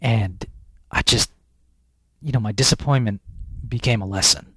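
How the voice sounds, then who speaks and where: A man's voice: fairly low pitch, moderate pace, pushed and bright, husky, dry recording. An American man holds forth as a guest speaker, spinning a story with lots of energy. He restarts sentences and repeats words as he goes. His voice sits close and dry, with no room sound. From United States. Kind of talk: storytelling interview talk.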